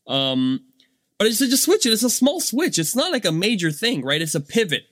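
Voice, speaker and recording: A man in his thirties talks casually with a slightly high voice. He fills his speech with "um", "like" and a questioning "right?". The recording is close and dry, with no room sound. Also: very animated, moderate pace, fairly bright tone, no echo. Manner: chatty, many fillers and rhetorical "right?". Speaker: business owner vlogger. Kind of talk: casual monologue.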